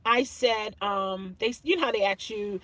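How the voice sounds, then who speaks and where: A woman's voice: mid-range voice, a little slow, fairly bright tone, no echo. A woman vlogger telling a personal story to camera in an earnest way, often repeating phrases and restarting her sentences.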